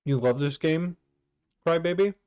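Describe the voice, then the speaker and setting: A man's voice: on the high side, a little slow, a little mellow, clean tone, dry recording, studio quality. A young man streaming a game, chatting casually with chat and rambling with lots of fillers. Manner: rambling, filler-heavy, reads chat aloud.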